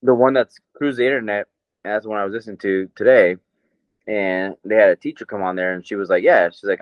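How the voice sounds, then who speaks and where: A man's voice: on the low side, fairly even intonation, fast talker, dry recording, highs cut off. A man with an American accent, co-hosting a podcast in casual, rambling, profane chat with frequent laughter. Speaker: podcast co-host.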